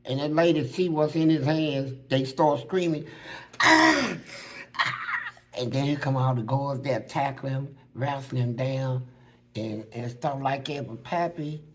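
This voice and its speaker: A man casually telling stories from prison, animated and full of street slang, acting out what other people said. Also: mid-range voice, moderate pace. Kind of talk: casual storytelling.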